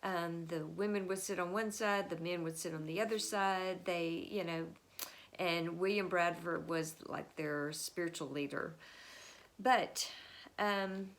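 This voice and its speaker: A woman giving a casual spoken history lesson, telling it as a chatty story full of fillers and quick bits where she voices the people in it. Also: on the low side, steady tone, a bit bright. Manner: acts out the historical figures with quick changes of voice.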